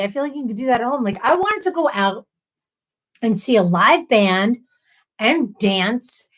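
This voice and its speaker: A woman's voice: on the high side, expressive, unhurried, a bit bright, low-quality recording. Giggly, rambling woman streamer. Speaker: livestream host. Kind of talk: casual livestream chat.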